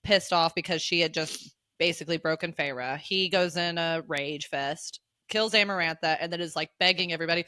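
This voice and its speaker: A young woman co-hosting a podcast in casual book chat, talkative, now and then mimicking characters in a high mocking voice. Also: fairly quick, bright, forceful tone, no echo, clean studio sound. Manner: chatty, acts out characters' lines in a high mocking voice. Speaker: podcast co-host.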